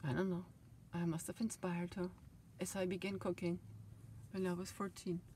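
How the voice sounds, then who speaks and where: A middle-aged woman tells a rambling personal story, her voice sitting a little low. She swings between loud, heated bursts and soft asides. A faint hiss of noise sits under the recording. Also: flat delivery, normal speed. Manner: emotional, swings loud and soft, laughs often. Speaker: vlogger.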